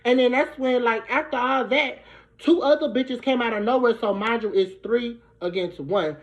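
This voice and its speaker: A young woman from Brooklyn, telling a profane, animated storytime. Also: fairly high pitch, moderate pace. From Brooklyn, New York. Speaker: vlogger. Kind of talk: storytime vlog. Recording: dull lo-fi recording.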